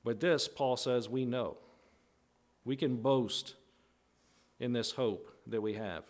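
A man preaching a conversational sermon in a teaching tone, often checking in with "right?" and acting out quoted voices. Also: slow. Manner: acts out quoted voices with big pitch jumps.

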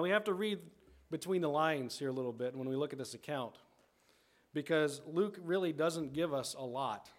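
A middle-aged man preaching a sermon as a pastor. His voice sits a little on the high side, and he talks in an easy, conversational way. He keeps turning to the congregation as he works through a passage of scripture. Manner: conversational, often asks "right?" and rephrases.

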